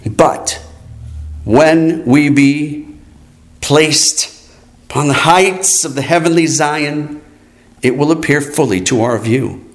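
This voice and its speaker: A man's voice: on the high side, takes it slowly, pauses often. A man preaching a sermon in a solemn, declaiming way, his voice rising and falling. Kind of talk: sermon reading.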